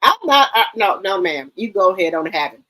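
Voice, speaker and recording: A woman's voice: mid-range voice, sing-song, a little fast, sharp tone, low-quality recording. An older woman, hosting a casual gossip chat in a sassy, profane, emphatic way. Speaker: talk show host.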